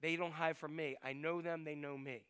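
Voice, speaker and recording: Fervent preacher man, bright voice. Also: fairly high pitch, steady tone, normal speed, clean tone. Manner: fervent, rising to loud exhortation. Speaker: pastor. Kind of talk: sermon and closing prayer.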